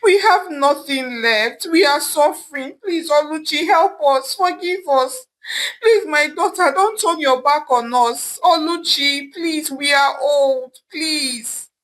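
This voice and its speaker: Woman playing a weeping elderly mother, high voice, begging, storybook folktale. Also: takes it slowly, a bit bright, slight background noise. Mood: sobbing. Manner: sobbing, begging. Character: elderly mother, weak and pleading.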